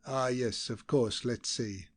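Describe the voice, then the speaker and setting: A man's voice: medium pitch, fairly even intonation, takes it slowly. A man voicing a mocking, condescending young male diplomat in an audiobook, speaking sharply with contempt.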